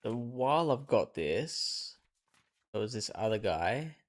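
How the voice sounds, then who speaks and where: Male streamer with a mid-pitched voice, casual live commentary while he reasons through a puzzle. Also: sing-song, takes it slowly. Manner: thinking aloud, reasoning through clues.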